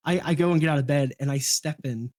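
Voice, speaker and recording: A man's voice: a little high, fast talker, a little mellow. A man in his thirties, a podcast guest, telling a rambling story with many restarts and chuckles. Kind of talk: casual storytelling chat.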